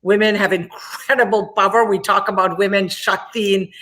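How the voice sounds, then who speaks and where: A woman gives an interview as the guest. She speaks passionately, stresses her points and repeats words to drive them home. Her voice sits at an ordinary middle pitch. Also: steady tone, moderate pace, fairly bright tone. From India. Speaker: guest, immigration attorney.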